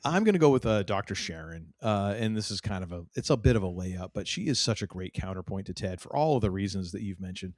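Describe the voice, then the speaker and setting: Excited low-voiced man recapping a show. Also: fast talker, hardly any pauses, dry recording, clean studio sound. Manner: enthusiastic, acts out quoted lines, laughs often. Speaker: podcast co-host. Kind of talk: casual TV recap chat.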